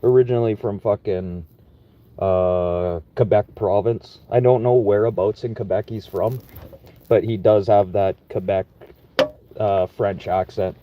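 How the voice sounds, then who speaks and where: Brief: young Manitoba man, low voice, casual profane vlog chat, dull lo-fi sound. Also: steady tone, measured pace, a little hiss or hum. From Manitoba, Canada. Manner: profane, laid-back and chatty. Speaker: construction worker vlogging. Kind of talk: casual rambling monologue.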